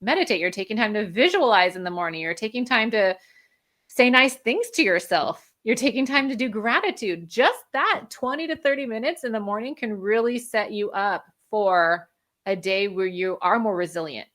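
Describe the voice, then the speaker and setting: Bright-voiced energetic woman guest. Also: mid-range voice, moderate pace. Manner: energetic, explanatory, laughs often. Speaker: functional medicine practitioner, guest. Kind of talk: interview conversation.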